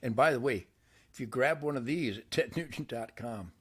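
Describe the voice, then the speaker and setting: An older man hosting his own show, ranting boastfully to camera by a campfire outdoors, with wild swings between shouting and muttering. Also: normal speed, husky. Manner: brash, boastful, loud swings in pitch and volume.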